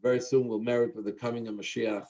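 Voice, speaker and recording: A man who is a rabbi, giving closing remarks and telling a joke with earnest, halting storytelling and many fillers. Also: medium pitch, flat delivery, dark tone, highs cut off.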